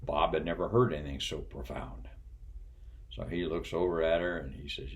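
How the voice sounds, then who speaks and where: An older man with an extremely deep, low voice recalls his flying days. His talk is folksy and unhurried, full of pauses and little chuckles. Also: fairly even intonation. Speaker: retired pilot and flight instructor. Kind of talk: casual storytelling.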